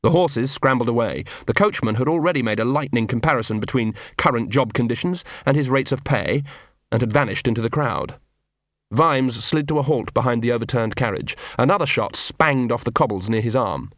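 Guy reading an audiobook, measured and even, dry close sound. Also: mid-range voice, dry recording. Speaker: audiobook narrator. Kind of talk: scripted narration.

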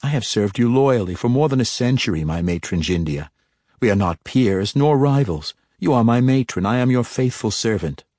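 A man voicing a servile scheming dark elf priestess. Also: medium pitch, lively intonation, normal speed, no echo, clean studio sound, voice pushed up, natural voice. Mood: insistent. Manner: earnest, insistent pledges of loyalty. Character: scheming female drow first priestess, outwardly servile. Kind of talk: audiobook character voice.

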